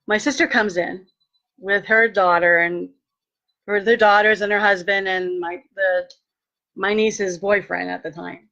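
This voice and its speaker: Bright-voiced woman telling her story. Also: mid-range voice, measured pace, gravelly, muffled recording. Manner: animated, acts out quoted dialogue; earnest and preachy when she turns to faith. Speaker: vlogger sharing a personal testimony. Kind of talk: personal storytelling.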